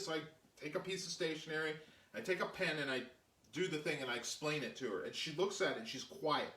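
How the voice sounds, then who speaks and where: A man's voice: fairly high pitch, a little fast, roomy sound, far from the mic. A man hosting a live stream, telling a story in casual chat and acting out the voices of the people in it. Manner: animated storyteller, acts out quoted voices. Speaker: show host, artist telling a story.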